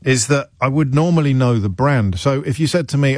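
A man's voice: mid-range voice, a little fast, hardly any pauses, no echo, studio quality. A man hosting a talk radio show, musing aloud in a wry, self-questioning way. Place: radio studio. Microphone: studio microphone.

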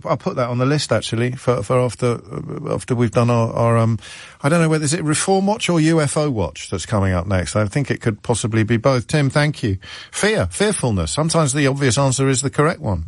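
A man's voice: mid-range voice, no echo. A man hosting a talk radio show, giving sardonic, emphatic commentary from a studio mic. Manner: sardonic, emphatic, reads quotes aloud. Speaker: radio phone-in host. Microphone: close studio mic.

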